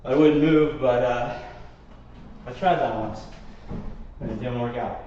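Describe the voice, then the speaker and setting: A man's voice: medium pitch, measured pace, dark tone, slight background noise. Breathless male Pilates instructor, echoey room. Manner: coaching while exercising, counting reps. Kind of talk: live workout class instruction. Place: warm studio. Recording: echoey, distant, slightly muffled mic.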